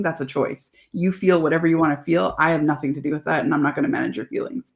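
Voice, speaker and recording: Aussie woman, gravelly voice, swears, tells stories with lots of quotes. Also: low-pitched, fast talker, hardly any pauses. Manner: animated storyteller, swears, acts out quotes. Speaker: podcast guest. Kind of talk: casual podcast chat.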